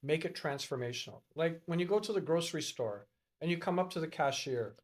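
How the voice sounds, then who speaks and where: A middle-aged man with a fairly high voice tells stories as a podcast guest. He acts out other people's lines, lifting his voice for each quoted remark. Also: normal speed. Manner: lively, acts out dialogue in a raised voice. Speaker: podcast guest, educator and networker. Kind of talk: animated storytelling in a podcast interview.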